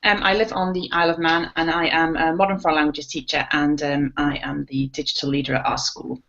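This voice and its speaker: Lower-voiced woman teacher presenting online. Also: flat delivery, brisk, gravelly, a bit bright. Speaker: language teacher. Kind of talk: webinar presentation. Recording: lo-fi online call audio.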